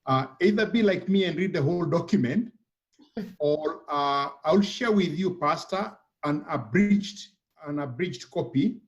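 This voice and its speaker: A man's voice: on the high side, lively intonation, unhurried, highs cut off. A man on a church TV panel, explaining things point by point and repeating words as he thinks. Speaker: panel guest.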